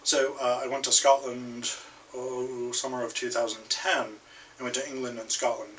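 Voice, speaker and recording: A man's voice: medium pitch, little pitch movement, normal speed, fairly bright tone, far from the mic, a little hiss or hum, rough recording. An American man giving a casual recorded literature lecture, hesitant with many ums and restarts. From United States. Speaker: literature instructor.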